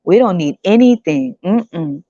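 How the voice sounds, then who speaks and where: A woman playing a gullible, boastful man who squeals with excitement, in a dull, dry lo-fi recording. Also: fairly low pitch, normal speed, no echo, lightly acted. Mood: giddy.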